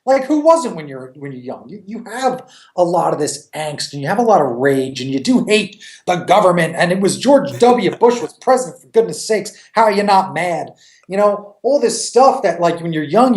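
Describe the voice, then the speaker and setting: Speaking with a high voice in a reverberant space, a New York man who makes comics jokes around animatedly during a relaxed interview, cursing without restraint.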